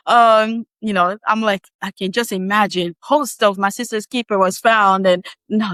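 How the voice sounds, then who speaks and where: A woman guest on a podcast, telling a personal story in a casual, animated way with frequent laughs and quick asides. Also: medium pitch, dry recording.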